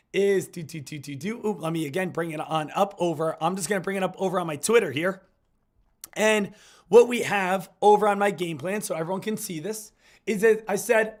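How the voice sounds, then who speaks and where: A hoarse man, getting over an illness, giving hyped, repetitive live market commentary as a stock trading streamer. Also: high voice.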